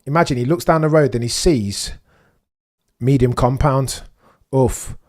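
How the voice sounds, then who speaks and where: A young man hosting a live race watchalong, chatting excitedly to his viewers and reacting with slang. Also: mid-range voice, unhurried. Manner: excitable, chatty, British slang, talks to chat. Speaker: livestream host.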